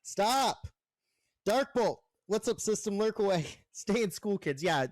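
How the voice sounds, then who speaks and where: A woman live-streaming a game, chatting casually with frequent laughs and quick exclamations. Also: medium pitch, expressive, a little mellow. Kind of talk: casual live-stream chat over gameplay.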